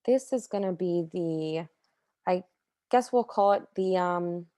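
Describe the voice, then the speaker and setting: A young woman giving a casual tutorial on letter sounds, relaxed and chatty, often pausing to correct herself. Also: fairly low pitch, no echo, clean studio sound. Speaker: Quran recitation teacher.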